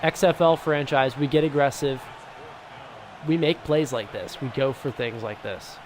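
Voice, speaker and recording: A young man giving casual, excitable commentary over a football video game, swinging between hype and grumbling. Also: mid-range voice, measured pace. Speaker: gaming YouTuber. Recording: noisy background.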